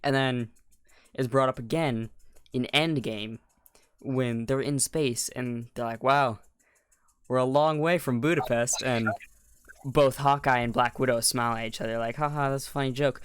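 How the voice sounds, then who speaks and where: A man's voice: mid-range voice, measured pace, clear, resonant tone. A young man co-hosting a podcast in casual chat, rambling and slangy, with a voice that keeps cracking. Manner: rambling, restarts, slangy, animated when incredulous. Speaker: podcast co-host.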